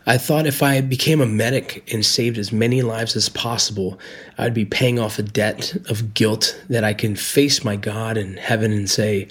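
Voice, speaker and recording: A middle-aged man, a former Border Patrol agent, telling his own story in an earnest, reflective way, with pauses and restarts. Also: medium pitch, breathy edge. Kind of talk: personal storytelling.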